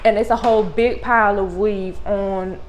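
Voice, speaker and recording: A young adult woman telling a story to her vlog audience in a casual, animated, blunt way, full of slang and swearing. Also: mid-range voice, moderate pace, slight background noise, rough recording. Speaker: vlogger.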